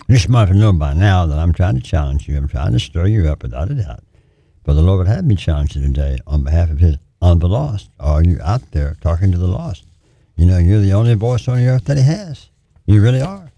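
A preacher man with a deep, husky voice and a dark, gravelly tone. He pleads earnestly, repeats his phrases for emphasis, and swings widely in pitch. The sound is dry and close. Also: expressive, normal speed, dry recording. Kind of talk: call-in ministry sermon.

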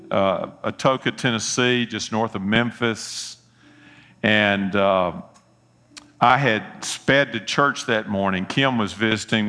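A man's voice: fairly low pitch, sharp tone. A middle-aged man, preaching a sermon and telling folksy personal stories with earnest appeals. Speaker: pastor.

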